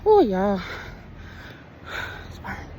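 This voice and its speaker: A woman's voice: mid-range voice, sing-song, takes it slowly, muffled recording. A woman vlogging on a hilly outdoor trail, out of breath, panting and chatting to her viewers. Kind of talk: casual walking vlog. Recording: outdoor phone recording with loud background noise.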